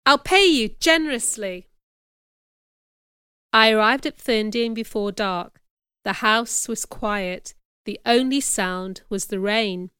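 A woman reading a first-person story aloud in a measured, expressive narration. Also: mid-range voice, clear, resonant tone, no room sound, studio quality.

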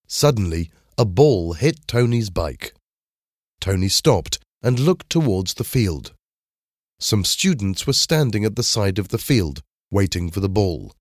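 A man narrating a children's story in a clear, measured reading style. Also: fairly low pitch, darkish tone, no echo, clean studio sound.

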